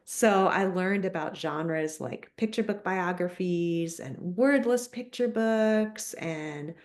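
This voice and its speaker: A middle-aged woman, a children's book author and former teacher, answering interview questions in a chatty, storytelling way. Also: medium pitch. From United States.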